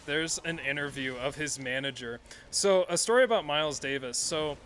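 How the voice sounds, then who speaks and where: Male streamer with a bright, slightly high voice, rambles, corrects himself mid-sentence, swears a lot. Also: moderate pace, soft background music. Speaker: game streamer. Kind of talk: casual live-stream commentary while playing.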